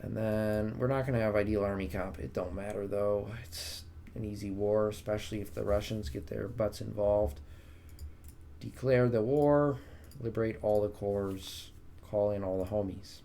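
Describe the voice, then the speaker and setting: A man's voice: lowish voice, fairly even intonation, normal speed, vocal fry, mellow. A young man casually commenting on his strategy game live stream, joking with his chat. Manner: chatty, jokey, talks to chat.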